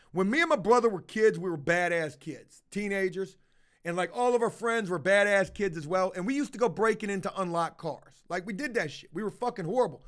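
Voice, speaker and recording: A man's voice: sits high, a bit bright. A man telling a personal story to his viewers in a casual, profane, conversational way, acting out the dialogue. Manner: profane, conversational, retells dialogue with many fillers.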